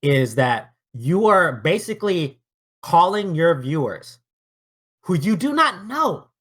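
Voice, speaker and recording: Podcast dude ranting, bright edgy voice, swears a lot, stumbles a bit getting going. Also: male voice, fairly high pitch, sing-song, slow pace, breathy edge. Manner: emphatic, swears a lot, stumbles when starting a point. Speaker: podcast co-host. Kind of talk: casual podcast argument.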